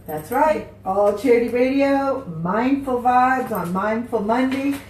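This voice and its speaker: A woman's voice: a little high, measured pace, darkish tone, recorded from a distance, a little hiss or hum. A woman hosting a radio show, chatty and rambling, often losing her train of thought. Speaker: radio host. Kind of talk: casual radio chat. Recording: roomy, off-mic.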